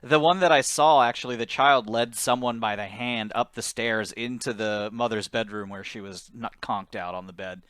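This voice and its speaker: A man's voice: medium pitch, moderate pace, hardly any pauses, fairly bright tone, dry recording. A man co-hosting a casual podcast, chiming in with short reactions and laughs. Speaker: podcast co-host. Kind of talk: casual chat.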